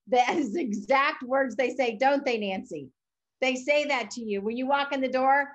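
Woman host, enthusiastic and emphatic, slightly high, dull lo-fi recording. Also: moderate pace. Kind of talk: enthusiastic wrap-up.

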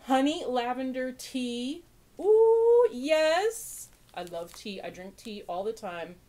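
Slightly high and darkish in tone, this woman's voice moves a little slowly. She's a podcast host chatting casually while unboxing mail, gushing, laughing a lot, and making self-mocking, sarcastic jokes.

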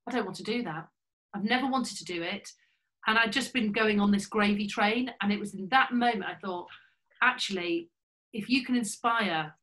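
A woman tells an anecdote with lots of energy. Her voice is bright and clear. She acts out the other people's lines as she goes. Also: mid-range voice, poor audio. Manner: lively, animated storyteller who acts out voices. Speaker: former RAF pilot and speaker. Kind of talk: anecdotal storytelling in conversation.

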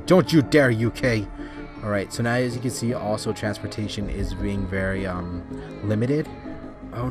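A man hosting a gaming channel, giving rambling casual commentary with sudden excited outbursts at the game. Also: on the low side.

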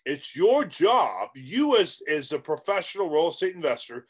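Animated, emphatic male coach. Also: fairly high pitch, normal speed, husky. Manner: animated, rambling and emphatic, with self-aware jokes and laughs. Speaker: real estate investing coach. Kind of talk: direct-to-camera coaching monologue.

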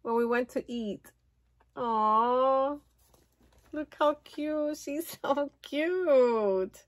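A woman's voice: sits high, extremely slow, no echo. A woman vlogger opening happy mail from a friend, chatting casually and gushing over each gift. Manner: gushing, giggly, talks to viewers. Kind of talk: casual unboxing chat.

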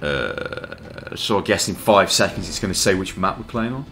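A man's voice: low voice, animated, moderate pace, fairly bright tone, faint music behind. A young man giving sweary, grumbling commentary over his own gameplay. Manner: grumbling, swearing, laughing at the game. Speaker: gaming channel host.

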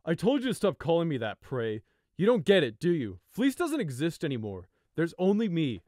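A hardened young buck, zealous and harsh, voiced by a man raising his pitch somewhat. He talks loudly and forcefully in short, clipped lines. The sound is dry and close. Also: big pitch swings, moderate pace, no echo. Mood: angry.

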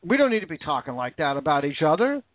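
A man's voice: fairly high pitch, big pitch swings, quick pace, no room sound. An American man giving an indignant, repetitive political opinion rant. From United States. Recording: dry, phone-like narrow audio.

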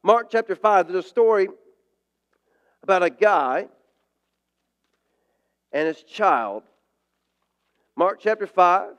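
High-voiced man preaching a sermon. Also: animated, takes it slowly, pauses often, fairly bright tone, clean tone. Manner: conversational preaching with emphatic repetition. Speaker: pastor.

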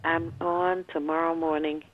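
A woman who hosts her own radio show, calling in and speaking in a brisk, practical way. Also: low voice, level tone, a crowd in the background. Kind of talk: phone-in talk. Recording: dry, tinny phone line.

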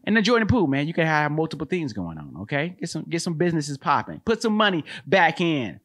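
A male podcast host rambles through comedic riffs, full of slang and quick laughter. His voice is bright and sits fairly high. His pitch jumps around a lot. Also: big pitch swings, dry recording. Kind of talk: casual comedic riffing.

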